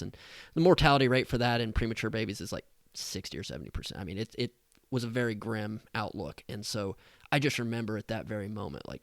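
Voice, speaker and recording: A man's voice: lowish voice, gravelly, dry recording. A man who is an associate pastor, a guest on a podcast, earnestly sharing a personal story in conversation. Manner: earnest, heartfelt, speaks openly about emotion.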